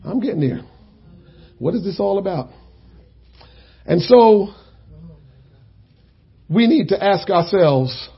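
A pastor preaching a sermon, his voice pitched very high and husky. He swells into shouted lines and leans on a steady "uh" between phrases. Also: a little slow, long pauses, muffled recording. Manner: preaching with rising shouts and filler "uh"s.

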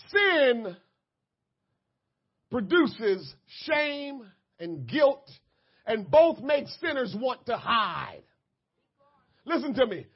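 Very high-voiced preaching man, shouting. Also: husky, muffled recording. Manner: impassioned preaching, swings between soft asides and shouted emphasis; addresses the congregation directly. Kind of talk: sermon.

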